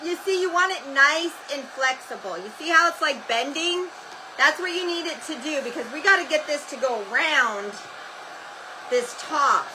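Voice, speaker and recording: A woman hosting a live craft demo, chatting loudly and greeting viewers by name as she works. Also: sits high, animated, moderate pace. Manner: says she is talking very loudly. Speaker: craft livestream host. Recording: noisy room with heat gun running. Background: heat gun whirring.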